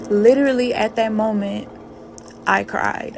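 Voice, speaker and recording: Woman, personal storytime narration, slow unhurried delivery, emphatic asides to the listener, music in the background. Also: mid-range voice, fairly even intonation.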